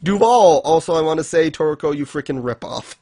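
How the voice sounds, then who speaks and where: A man's voice: fairly high pitch, lively intonation, a little fast, warm tone, dry recording. Male co-host, casual recap chat, laughs constantly, acts out character lines, dry sound. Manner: giggly, keeps laughing and acting out characters' lines. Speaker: anime podcast co-host.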